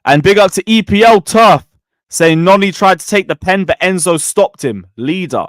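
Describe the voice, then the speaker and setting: A man hosting a live football stream, reading super chats and mocking rivals with excitable banter. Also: high voice, normal speed, dry recording, clean studio sound.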